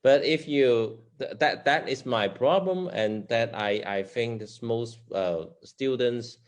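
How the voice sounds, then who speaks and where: A man with a Chinese accent, a native Chinese speaker learning English, reading vocabulary words aloud haltingly, with many fillers. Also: mid-range voice. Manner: hesitant, many fillers and restarts.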